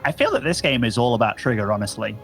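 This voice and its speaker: A man's voice: medium pitch, expressive, fast talker, a bit bright, soft background music. Chatty male esports caster. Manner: chatty, upbeat, banter with co-caster. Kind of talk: live game commentary.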